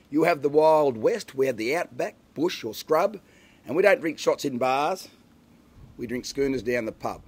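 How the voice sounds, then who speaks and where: A man's voice: mid-range voice, animated, normal speed, slightly rough. A middle-aged Australian man reciting playful rhyming comic verse with a lilting rhythm. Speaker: bush poet.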